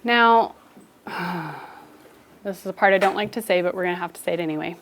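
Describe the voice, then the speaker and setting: A young woman teaching an elementary phonics lesson in a classroom, telling stories and coaxing the students along in a lively, playful way. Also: medium pitch, fairly quick, a little hiss or hum. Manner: animated storytelling, playful and expressive with students.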